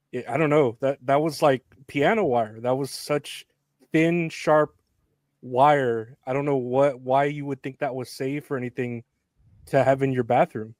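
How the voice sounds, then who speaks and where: A man co-hosting a podcast, casually recapping a film with frequent laughs and halting restarts. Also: mid-range voice, darkish tone, no echo, studio quality. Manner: laid-back, laughs often, halting restarts. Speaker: podcast co-host.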